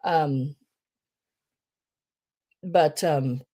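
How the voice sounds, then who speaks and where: A woman's voice: deep voice, very slow, dark tone. A middle-aged woman hosting a casual live-stream sale, chatting with viewers and greeting them by name, with lots of fillers and restarts. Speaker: online live-sale seller.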